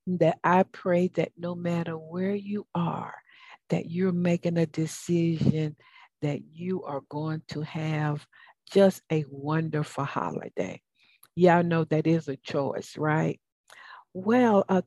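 Middle-aged Southern US woman, talk radio host, unhurried and folksy, mellow lowish voice, dry close sound. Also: fairly even intonation, dry recording. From Atlanta, US. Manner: folksy and encouraging, drawls some words out. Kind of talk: upbeat talk radio hosting.

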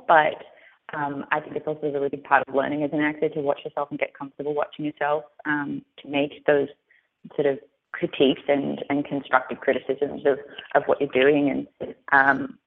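A woman's voice: sits low, gravelly. A young woman with an Australian accent mixed with American, an actress chatting upbeat with many fillers in a phone interview. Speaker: actress guest. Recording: tinny phone line.

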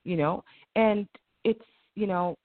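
A woman's voice: mid-range voice, takes it slowly, no room sound. A woman guest in an interview, talking reflectively and acting out her own inner thoughts. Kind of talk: conversational interview. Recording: tinny phone-like line.

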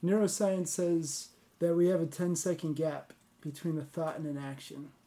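Man with a very dark, mellow voice. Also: on the high side, steady tone, moderate pace.

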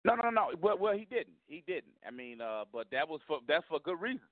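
A man's voice: a little high, big pitch swings, fairly quick. A male comedian calls into a talk show and makes his case emphatically, stacking repeated words and slang. His voice comes through a tinny phone line. There is no room echo at all. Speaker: comedian guest. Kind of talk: phone interview.

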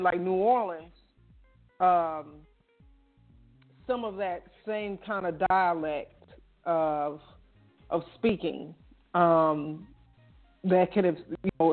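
High-voiced, affirming interview host. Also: male voice. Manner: affirming, enthusiastic listener. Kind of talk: interview chat. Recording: tinny phone line, faint music.

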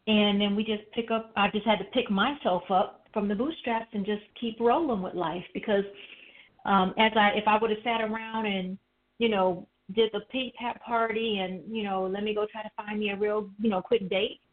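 A woman's voice: mid-range voice, steady tone, moderate pace. Woman chatting over a tinny phone line. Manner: reflective, frequent "you know" fillers. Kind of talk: casual chat.

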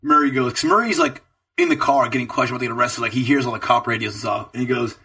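A man's voice: racing, recorded from a distance. A young man co-hosting a podcast, telling a long story in a loose, profane way with lots of energy. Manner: animated, profane storytelling with swooping pitch. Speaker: podcast co-host. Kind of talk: casual storytelling chat.

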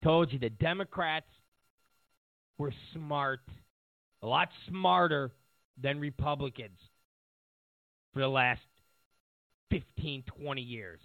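A man delivering an animated, sarcastic political monologue as a commentator. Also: mid-range voice, slow pace, long pauses, dry recording, narrow, tinny audio.

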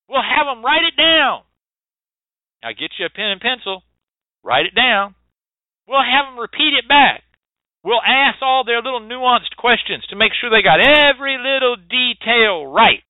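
On a tinny, dry, phone-like line with no room sound, a man with a high-sitting voice hosts a radio show teaching hoodoo rootwork. He lectures emphatically and preachily, swears often, and keeps repeating his points.

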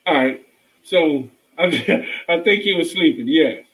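A man's voice: a little high, expressive, unhurried, poor audio. A man co-hosting a casual sports talk show, playful and giggling often. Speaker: podcast co-host.

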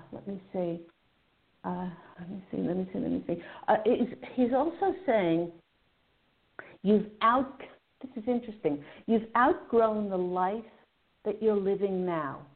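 A woman hosting a call-in radio show, giving psychic readings in an effusive, filler-laden way. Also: medium pitch. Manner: warm, effusive, relays messages with many fillers. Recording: phone-like narrow audio.

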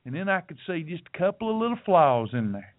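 A middle-aged man hosts his podcast like a preacher, folksy and direct with his listeners. His voice sits high for a man. The sound is thin and tinny, like a phone line. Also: very animated, fast talker. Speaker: podcast host. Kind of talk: preachy motivational talk.

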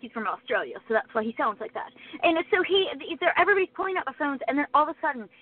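Chatty high-voiced woman over a phone line. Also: big pitch swings, rapid-fire. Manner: chatty, storytelling, wordy. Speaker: co-host. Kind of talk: casual faith podcast chat. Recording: tinny phone-like sound.

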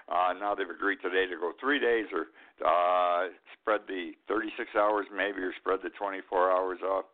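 An older man hosting a talk show delivers indignant, emphatic political commentary, repeating his points in a deep voice at a normal speed. The audio sounds tinny, like a phone line.

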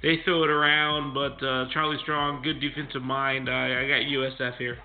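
A man co-hosting a casual sports chat, halting and often restarting his sentences. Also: medium pitch, level tone. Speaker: sports podcast co-host. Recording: tinny phone-like line.

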